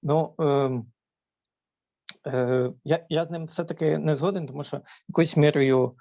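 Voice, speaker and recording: A man's voice: on the high side, steady tone, a little slow, vocal fry, warm tone, no echo, muffled recording. A man from Ukraine speaking as a panelist, hesitant and full of filler sounds. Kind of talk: panel discussion.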